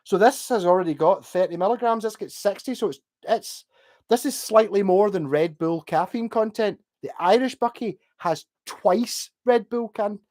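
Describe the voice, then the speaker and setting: A man's voice: high-pitched, normal speed, darkish tone. A man, a bit drunk, rambling casually on a late-night home livestream while reading out chat and laughing often.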